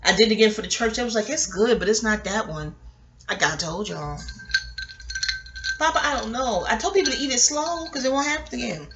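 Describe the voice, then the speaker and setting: A woman vlogger talks through a rambling story with a bright, fairly high voice. She swings her pitch widely as she acts out the people she quotes, with loose laughter and casual swearing. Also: animated, a little fast, slight background noise.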